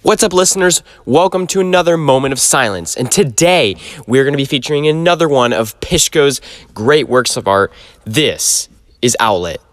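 A man playing a harried innkeeper who hosts the inn's show, with brisk, cheery announcer patter. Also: medium pitch, lively intonation, no room sound, lightly acted. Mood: breezy. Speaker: host. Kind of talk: hobby audio drama narration.

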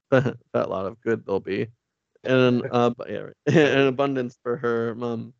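A man with a heavily gravelly voice chats casually on a comics podcast. He reads panels aloud and slips into playful character voices. The sound is dry and a little dull, like a home setup. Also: mid-range voice, fairly even intonation, unhurried, no echo. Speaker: podcast co-host.

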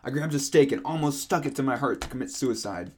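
A young man reads fan fiction aloud in a dry, deadpan manner as a podcast co-host. His voice sits at a middle pitch, with a faint hiss of noise behind it. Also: quick pace.

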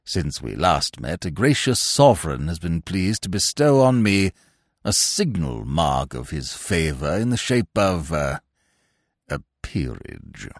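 A pompous elderly nobleman, as a man puts him on, speaking in a deep, unhurried drawl. Every word is weighed and formal. The sound is close and dry, with a wide swing in the voice. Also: very animated, dry recording, exaggerated voice. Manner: slow, ponderous, deep and measured. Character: pompous elderly male peer, stiff and formal.

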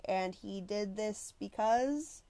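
A woman's voice: medium pitch, slow, warm tone, no room sound. A woman reading a novel aloud and voicing a flustered twelve-year-old schoolboy who answers eagerly but hesitantly.

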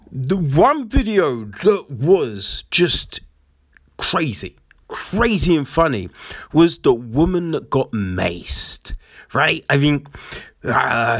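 A man's voice: mid-range voice, a bit bright, dry recording, studio quality. A man ranting about the news in a casual, sarcastic and profane way, often asking "right?". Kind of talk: casual commentary rant.

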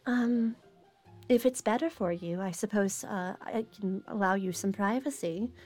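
Eliza, a gentle melodious woman, voiced by a game master. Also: mid-range voice, unhurried, soft background music, lightly acted.

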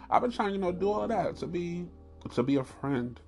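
A man hosting a podcast, telling a story in a candid, animated and profane way. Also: measured pace, vocal fry, music in the background. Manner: animated, profane storytelling with high squeals and laughs. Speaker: podcast host.

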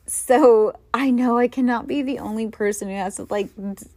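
A woman's voice: fairly high pitch, normal speed, warm tone, no room sound. A middle-aged woman hosting a podcast, telling rambling, self-mocking stories in a casual chat with frequent laughter. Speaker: podcast host.

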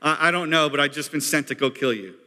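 A man's voice: fairly high pitch, quick pace, pushed and bright. A man voicing an apologetic male messenger who sheepishly delivers bad news. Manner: sheepish, matter-of-fact. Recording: long hall reverb.

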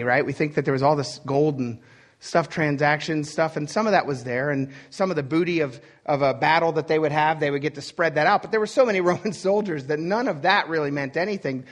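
Man preaching, loose and conversational. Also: on the high side. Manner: conversational preaching with frequent "right?" asides and chuckles. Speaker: pastor. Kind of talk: sermon.

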